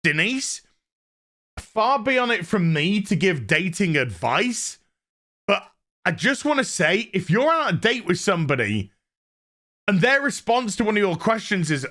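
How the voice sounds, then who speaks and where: Lively, bright-voiced older man mocking a show. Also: high voice, a little slow. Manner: mocking, irreverent, laughs often. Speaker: YouTube commentator. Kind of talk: comedic reality-show commentary.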